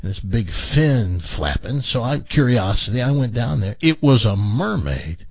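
A man's voice: medium pitch, big pitch swings, measured pace, creaky, a little mellow, no echo, lo-fi sound, exaggerated voice. A man voicing a matter-of-fact, confiding man at a bar who tells his own strange story. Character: ordinary man with a tiny head, wry and matter-of-fact.

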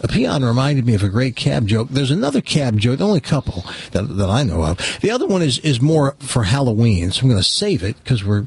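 A man's voice: mid-range voice, brisk, gravelly, hardly any pauses, husky, no echo. A man hosting a radio talk show, chatting casually and telling a long joke, acting out the characters. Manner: animated storyteller, voices characters in a joke.

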